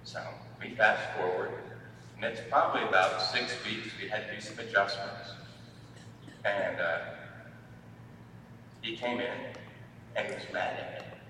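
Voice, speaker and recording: A man, a family therapist, giving a sermon-style talk to a church audience, with halting speech and repeated words. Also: fairly low pitch, pushed and bright, a little hiss or hum. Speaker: marriage and family therapist speaking at a church event. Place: church hall. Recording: echoey hall from far off.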